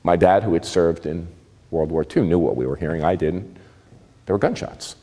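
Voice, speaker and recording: A man in his sixties from New Jersey with a New Jersey accent, telling personal stories in a lively, conversational and self-mocking way. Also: low voice, normal speed, big-room sound. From New Jersey, USA. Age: 60s. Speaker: speaker giving a talk. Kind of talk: personal storytelling talk.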